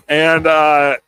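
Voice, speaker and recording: A man hosting a casual live sports talk show, excitable and stammering, often laughing and reading viewer comments aloud. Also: fairly high pitch, clear, resonant tone, dry recording.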